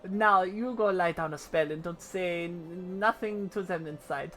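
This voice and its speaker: A woman's voice: on the low side, unhurried, a bit bright, faint music behind. A woman voicing a chatty villager in a game with a put-on French accent, tacking "eh?" onto her sentences. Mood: chummy. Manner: folksy, tacks on "eh?". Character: chatty folksy villager in a snowy town.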